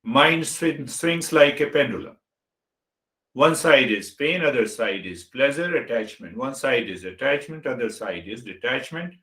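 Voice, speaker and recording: Speaking deliberately as a spiritual teacher, a man offers a meditation talk, listing words one at a time. His voice is medium-pitched, expressive, bright, and forceful, with a roomy echo around it.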